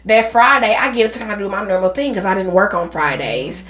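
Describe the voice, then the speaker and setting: A woman's voice: mid-range voice, fast talker. A woman co-hosting a faith podcast, telling a personal story in casual chat. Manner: animated storyteller, acts out voices in her stories. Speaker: podcast co-host.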